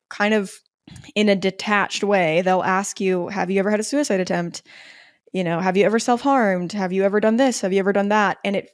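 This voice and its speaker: A woman's voice: medium pitch, dry recording. A young woman in her twenties hosts a podcast in easygoing, candid chat. She leans on "like" fillers as she talks. Her voice sits in a middle range and is recorded close and dry, with no room sound. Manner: chatty and candid, with frequent "like" fillers. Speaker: podcast host. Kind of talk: casual solo podcast chat.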